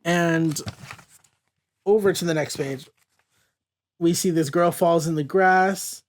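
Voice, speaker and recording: A man's voice: on the high side, creaky. Upbeat man chatting about a comic. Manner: reads character lines aloud in quick, loose paraphrase, laughs often. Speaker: podcast host reading a comic. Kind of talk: casual comic review chat.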